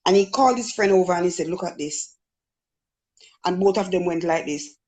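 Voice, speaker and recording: A woman's voice: fairly low pitch, fairly quick, a little mellow. Jamaican woman telling her story. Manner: earnest storytelling, acts out quoted voices. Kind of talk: casual testimony.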